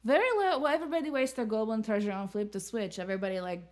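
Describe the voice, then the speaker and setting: A woman's voice: a little high, rapid-fire. A young adult woman hosting a live stream, chatting candidly and swearing casually as she reads messages. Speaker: streamer and host.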